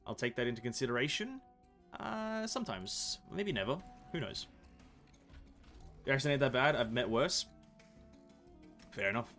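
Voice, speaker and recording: A man's voice: mid-range voice, lively intonation, moderate pace, pauses often, fairly bright tone, faint music behind. A man with an Australian accent giving casual, rambling gameplay commentary full of fillers and self-corrections. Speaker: gaming video host.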